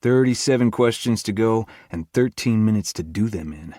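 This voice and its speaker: A man with a fairly low voice reads a first-person audiobook chapter and gives it a tense inner-monologue feel. The recording is dry and close. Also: animated, normal speed, hardly any pauses, mellow, dry recording. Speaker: audiobook narrator.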